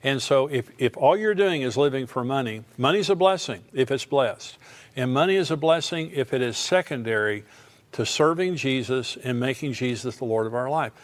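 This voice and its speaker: A man's voice: medium pitch, animated, normal speed. An older man preaching a sermon on prophecy, reading scripture aloud and then explaining it in plain, conversational asides. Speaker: pastor.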